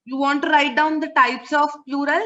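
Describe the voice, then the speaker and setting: A woman's voice: high-pitched, steady tone, normal speed, a bit bright. A woman teaching an online class, patiently repeating words and checking that students follow. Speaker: English teacher. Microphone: video call. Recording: muffled online call audio.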